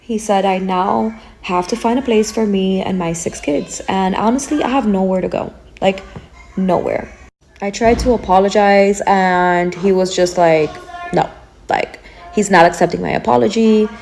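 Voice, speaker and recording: A woman in a confessional phone video, holding back tears and speaking in halting bursts. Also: mid-range voice, darkish tone, slight background noise. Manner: shaky, creaky, halting. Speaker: mother posting a video.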